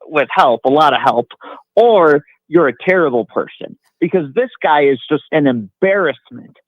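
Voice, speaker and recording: A man's voice: on the high side, animated, moderate pace, dry recording, muffled recording. A man calling in to a talk show, hesitant with lots of fillers, getting worked up. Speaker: caller. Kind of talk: call-in conversation.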